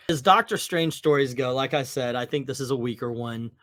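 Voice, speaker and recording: A man's voice: medium pitch, brisk, fairly bright tone, no echo. Male comics podcast host, casual and jokey, dry close sound. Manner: joking, laughs at his own reading. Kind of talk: casual chat, reading comics aloud.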